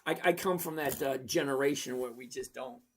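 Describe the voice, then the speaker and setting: A man's voice: medium pitch, fairly quick, a little hiss or hum. A man in his sixties hosting a trading livestream, talking bluntly and rambling as he reads out viewers' comments. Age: 60s. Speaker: trading channel host. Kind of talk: casual livestream talk.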